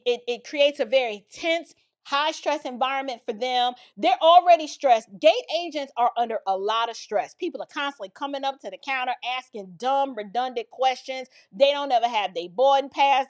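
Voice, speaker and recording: A middle-aged woman reacting to a clip with blunt, emphatic commentary. Her voice sits high, and her speech is loose and colloquial. She talks straight to her viewers. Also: normal speed, hardly any pauses. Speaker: political and cultural commentator.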